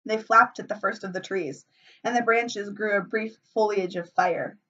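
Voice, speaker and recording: A woman teacher reading a novel aloud to her students, with measured, explanatory asides. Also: medium pitch, bright, forceful tone. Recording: muffled, from a distance.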